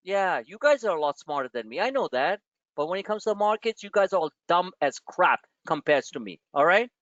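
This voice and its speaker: A man's voice: high-pitched, sing-song, fairly quick, a bit bright, dry recording. New guy ranting at his trading class, swears a lot, voice swings up and down, muffled dry audio. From New York. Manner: frustrated, blunt, profane, lecturing. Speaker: trading webinar host. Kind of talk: live webinar rant. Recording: dull dry lo-fi webinar audio.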